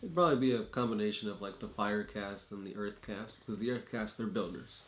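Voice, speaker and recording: A man's voice: fairly low pitch, a little fast, fairly bright tone, roomy sound, a little hiss or hum. Rambling young man in casual chat. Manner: loose, rambling, lots of fillers and jokes. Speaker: co-host.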